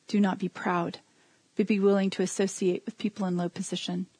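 A woman's voice: medium pitch, flat delivery, a little fast, mellow, husky, no room sound. A woman preaching a sermon in a conversational way, with humor and asides.

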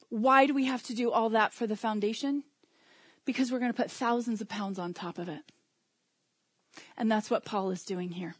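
A woman's voice: on the high side, breathy edge, no room sound. A woman preaching a sermon in a conversational way, with humor and asides.

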